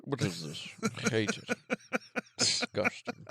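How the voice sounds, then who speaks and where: A prissy little alien creature with a disdainful, slightly slurred way of speaking, as a man puts it on. It sounds lower than his own voice. The recording is close and dry. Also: huge pitch swings, takes it slowly, sharp tone, husky, dry recording, exaggerated voice. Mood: disgusted. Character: fussy, snooty little alien creature, male.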